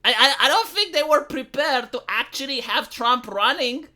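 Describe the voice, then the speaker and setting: A man's voice: very high voice, expressive, moderate pace, bright, forceful tone. A man from Romania with a Romanian accent, live streaming a casual, sarcastic political rant full of fillers. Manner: sarcastic, filler-heavy, ranting.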